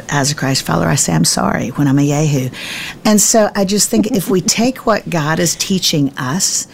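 A middle-aged woman speaks with a low, gravelly voice. She is a Bible teacher, and she tells a family story with lively emphasis. She often pokes fun at herself, and a faint noise sits under her voice. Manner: self-deprecating, emphatic, quick to laugh at herself. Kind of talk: animated storytelling in conversation.

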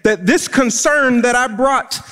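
Male pastor, very high voice, impassioned sermon, long hall reverb. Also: measured pace, pushed and bright, clean tone. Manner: impassioned preaching, repeats words when pressing a point. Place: church stage.

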